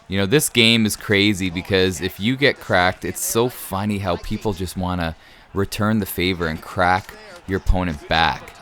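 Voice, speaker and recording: This Canadian gaming YouTuber has a low, fairly bright voice and a moderate pace. He's laid-back as he gives casual commentary on a fight game, laughing often and saying "man" a lot.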